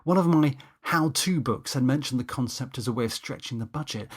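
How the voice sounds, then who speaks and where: A man's voice: mid-range voice, fairly quick, husky. A man narrating a comic audiobook in the first person, wry and exasperated, with swearing asides.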